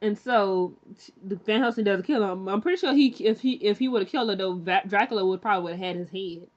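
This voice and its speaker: A woman's voice: medium pitch, brisk. Rambling woman recapping a show, lo-fi. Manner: rambling, many fillers and restarts; chatty and candid, acts out characters' lines. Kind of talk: casual recap chat.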